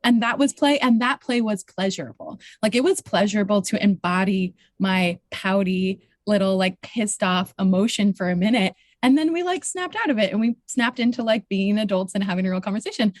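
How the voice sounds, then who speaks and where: Woman coach as guest, casual reflective podcast talk, pauses to find words, dry close mic. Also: mid-range voice, dry recording. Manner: reflective, searching for words, occasional swearing. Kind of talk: casual conversational interview.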